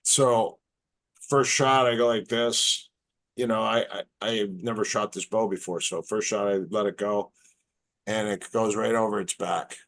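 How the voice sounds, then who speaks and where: A man with a low voice tells a story, animated and halting. He starts phrases over and repeats words, and he sounds like a podcast guest chatting casually. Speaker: martial arts instructor, podcast guest.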